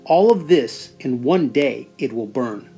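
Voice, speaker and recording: A man voicing a solemn divine voice that speaks from a light, giving slow, grave warnings. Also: mid-range voice, animated, mellow, faint music behind.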